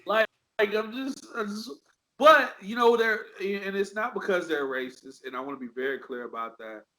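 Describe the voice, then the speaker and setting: A man talks casually on a podcast as a guest from his home in Dallas, laughing often and swearing freely. His voice is high, pushed and bright at a moderate pace, and the room sounds echoey.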